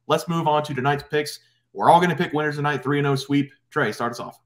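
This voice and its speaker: Brisk upbeat male betting-show host. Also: on the high side. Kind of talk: sports betting picks chat.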